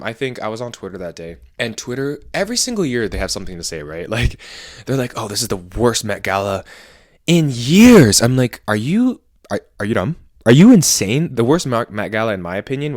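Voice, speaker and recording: Guy rambling about fashion trends to his camera, opinionated, low voice, dry close sound. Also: dry recording. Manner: chatty, opinionated, rambling with self-corrections and laughs. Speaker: fashion vlogger. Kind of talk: casual talking-head vlog.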